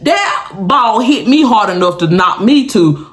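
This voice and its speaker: Woman vlogger, dramatic storytime delivery, high-ish pitch, echoey room. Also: normal speed. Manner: animated, dramatic, talks straight to viewers; laughs often while telling. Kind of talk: casual storytime chat.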